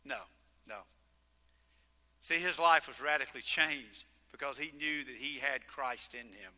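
A man preaching a sermon as pastor, animated and exclaiming, joking with his congregation. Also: mid-range voice, unhurried. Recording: long reverb of a large hall.

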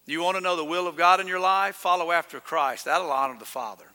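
A high-voiced man preaches with a bright, ringing edge to his tone. He talks emphatically and builds to loud, declaring peaks. His voice carries a long reverb from a church sanctuary. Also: brisk. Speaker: pastor. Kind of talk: sermon.

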